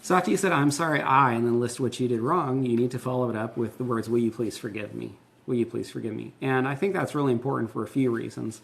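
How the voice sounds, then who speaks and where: A man's voice: mid-range voice, steady tone, fast talker, gravelly, hardly any pauses. A man in his thirties, a pastor and host, explaining things in a casual, candid and earnest way. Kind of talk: casual conversational teaching.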